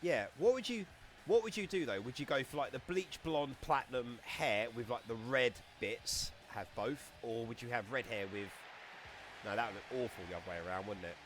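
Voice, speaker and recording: A man giving casual, excitable live-stream commentary on a wrestling game, chatting and laughing as he goes. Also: mid-range voice, normal speed, slight background noise.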